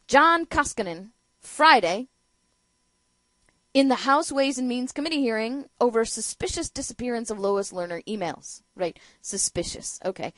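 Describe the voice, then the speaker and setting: A woman's voice: on the high side, expressive, normal speed, fairly bright tone, no room sound. A woman hosting a political talk show, giving opinionated commentary with sarcasm, rhetorical questions and emphatic outbursts. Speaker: radio talk show host.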